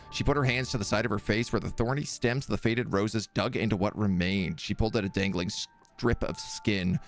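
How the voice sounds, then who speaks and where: A man streaming a game, reading its story text aloud in a measured way and chatting softly to his cat between passages. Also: on the low side, faint music behind.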